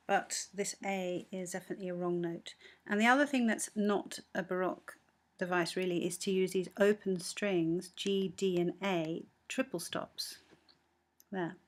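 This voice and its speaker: A woman's voice: on the low side, fairly even intonation, measured pace. A woman teaching a music lesson, patiently explaining a score bar by bar, with frequent ums and self-corrections, sometimes singing short bits of the melody.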